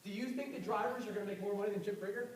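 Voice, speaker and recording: A man giving a fast, animated motivational talk on network marketing to a live audience, telling stories with a confrontational edge. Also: high voice, a crowd in the background. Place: event hall with audience. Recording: echoey room, far mic, audible noise.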